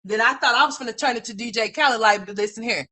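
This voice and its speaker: Fast, pushed and bright, with a voice on the high side, a woman in her fifties runs a livestream full of casual, profane storytelling. She's blunt with her chat and laughs at her own jokes.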